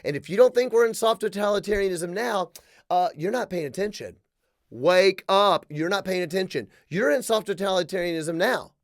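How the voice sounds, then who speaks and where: A man with a high voice rants sarcastically as a podcast host, hammering his points with emphatic jabs and dropping into low asides. The sound is dry and close, with no room around it. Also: fairly quick, no echo. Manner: sarcastic and emphatic, swinging between loud punchlines and low asides. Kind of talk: comedic political rant.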